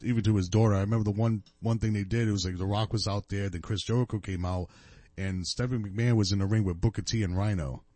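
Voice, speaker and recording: A man's voice: on the low side, steady tone, fast talker, mellow, no room sound. A man co-hosting a podcast, telling long, rambling stories in casual chat and correcting himself as he goes. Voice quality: rambling, self-correcting storyteller. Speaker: podcast co-host.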